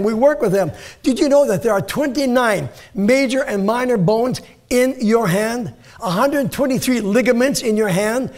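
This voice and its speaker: An older man, a pastor, preaching a sermon in a church and reading scripture slowly and earnestly. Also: very high voice, a little mellow. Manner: earnest, repeats words, reads scripture slowly. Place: church sanctuary.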